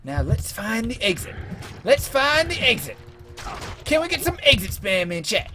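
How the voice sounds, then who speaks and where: Excitable joking male game streamer. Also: sits high, moderate pace, over music. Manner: jokey, excitable, laughs a lot. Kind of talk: casual live game stream.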